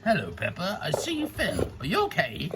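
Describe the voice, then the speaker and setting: A woman's voice: lowish voice, huge pitch swings, normal speed, background noise. A young woman playing pretend with toys, switching playfully between character voices.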